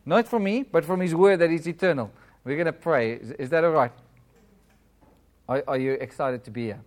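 A man in his thirties preaches in church, his voice sitting a little higher than most men's. He speaks with a flat-sounding accent and keeps a conversational tone, asking the congregation questions and chuckling as he goes. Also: moderate pace. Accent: non-British English, self-described flat. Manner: warm, conversational preaching with laughs and audience questions. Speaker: guest preacher. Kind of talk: sermon and prayer.

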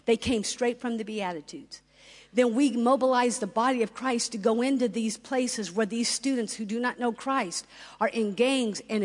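A middle-aged woman giving a fervent sermon-style testimony, building to loud rising climaxes and acting out dialogue. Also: a little high. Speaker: ministry founder and speaker. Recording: long hall reverb.

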